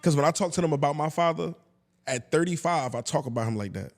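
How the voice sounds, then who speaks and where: A man's voice: a little high, expressive, quick pace. A man chatting on a podcast, stammering and repeating himself as he tells a heartfelt story. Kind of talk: casual podcast chat. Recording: long reverb of a large room.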